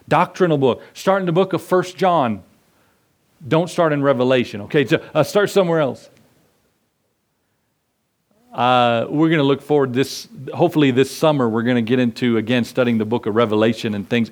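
A man's voice: medium pitch, moderate pace. A middle-aged male pastor preaching a sermon in a conversational way, acting out voices in his stories.

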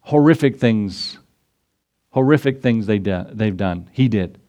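A man's voice: fairly low pitch, expressive, measured pace, warm tone. A man preaching a sermon as pastor, retelling scripture in a folksy way and asking his congregation rhetorical questions. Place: church.

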